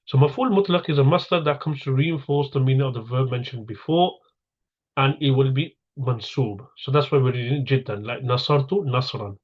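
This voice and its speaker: Man, grammar teacher, patient step-by-step explanation, asks himself questions, middle pitch, slightly dull audio. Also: moderate pace. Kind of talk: recorded grammar lesson.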